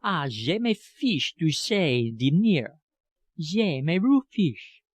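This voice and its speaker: A man's voice: fairly high pitch, big pitch swings, slow pace, no room sound, pitched above the performer's own voice, exaggerated voice. A man voicing a theatrical, affected governess of about forty, who gushes in an exaggerated French accent. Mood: gushing. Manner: gushing, lilting and emphatic.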